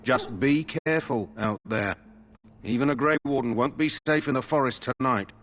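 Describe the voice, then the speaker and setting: A man voicing a calm gate guard. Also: mid-range voice, moderate pace, close to an everyday voice. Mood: cautioning. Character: calm male gate guard warning travelers.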